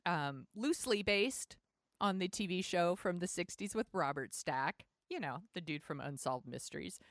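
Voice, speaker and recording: A woman's voice: lowish voice, animated, normal speed, no echo, clean studio sound. A woman hosting a podcast, chatting casually in an upbeat way with fillers. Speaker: podcast host. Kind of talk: casual chat. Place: home, San Francisco.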